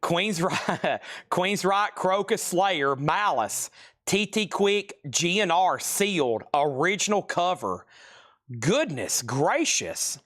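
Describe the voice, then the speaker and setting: Streaming live from a record shop, a man calls out vinyl titles and prices and gets excited over rare finds. His voice sits high and is a bit bright.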